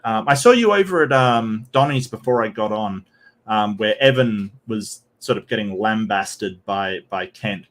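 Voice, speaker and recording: A man's voice: lowish voice, a little slow, fairly bright tone. A man hosting a live stream, reading posts aloud and chatting with viewers in a rambling way, with many ums and restarts. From Australia. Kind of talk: casual live-stream commentary.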